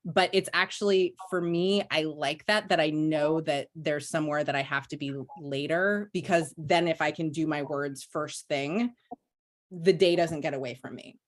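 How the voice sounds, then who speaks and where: A woman's voice: low voice, normal speed. A woman on a panel discussion, earnestly giving practical advice over a video call. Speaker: panelist, mystery writer.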